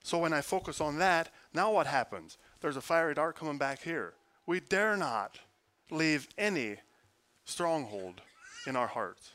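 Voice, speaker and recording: A man preaching a sermon, earnest, moving between forceful emphasis and quiet, hushed prayer. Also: fairly high pitch. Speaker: pastor.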